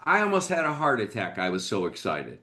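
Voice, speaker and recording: Animated older male business storyteller. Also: fairly quick. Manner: animated storyteller with big pitch swings. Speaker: guest, business leader. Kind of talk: storytelling interview.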